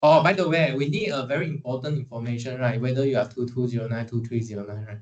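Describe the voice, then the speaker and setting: Lecturer in an echoey classroom. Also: male voice, medium pitch, fast, highs cut off. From Sarawak, Malaysia. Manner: chatty, many "ah" fillers, joking with students. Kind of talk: classroom lecture, casual instructions. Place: university classroom. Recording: echoey classroom, far from mic.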